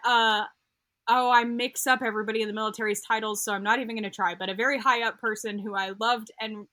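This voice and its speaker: A young woman appears as a podcast guest, an occupational therapist telling a personal story in casual interview conversation. Her mid-range voice has a sharp tone with no echo. She rambles with lots of fillers and restarts and is getting emotional.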